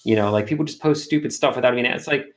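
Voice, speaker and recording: A man chatting as an interview guest, an energetic storyteller who uses lots of fillers. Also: medium pitch, racing. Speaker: guest, art streamer. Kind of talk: casual interview chat.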